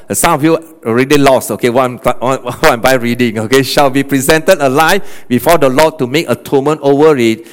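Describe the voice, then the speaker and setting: A male pastor preaching a sermon, animated, often checking in with "okay" and "all right?". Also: medium pitch. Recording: long hall reverb.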